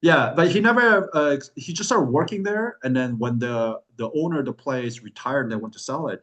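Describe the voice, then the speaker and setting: A man hosting a wine club chat, casually telling a long story, swearing and acting out other people's lines in quick bursts. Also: poor audio. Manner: animated, swears, acts out quoted voices with big pitch jumps.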